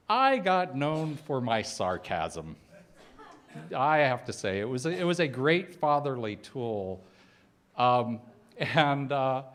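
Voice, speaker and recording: A middle-aged man giving a personal, conversational sermon, mixing heartfelt reflection with humorous stories from fatherhood. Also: mid-range voice. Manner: conversational storytelling with humorous asides. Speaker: spiritual speaker.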